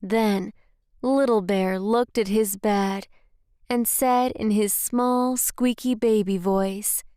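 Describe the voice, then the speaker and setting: A woman whose native language is Spanish, reading a children's story aloud in a slow, careful way. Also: medium pitch, fairly even intonation, warm tone, smooth, no echo, clean studio sound.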